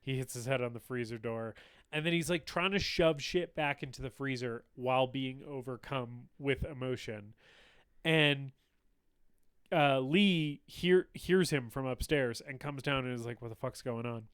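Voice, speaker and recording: A man's voice: medium pitch, measured pace, a bit bright, clear, resonant tone, dry recording. A man co-hosting a podcast who eagerly retells film scenes in a casual way, with some swearing. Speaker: podcast co-host.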